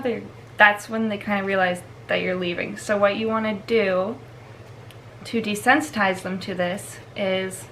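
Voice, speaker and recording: Brief: casual woman vlogger, mid pitch, chatty, faint background hiss. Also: pushed and bright, poor audio. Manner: chatty, laughs often, filler-heavy. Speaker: dog trainer. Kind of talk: casual instructional vlog.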